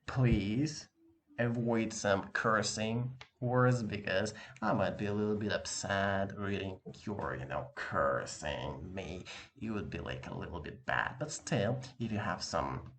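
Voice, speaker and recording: A man teaching an online language lesson, lively and encouraging, talking casually with slang to his viewer from a room with an open window. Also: fairly low pitch, takes it slowly, a little hiss or hum. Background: dog barking outside.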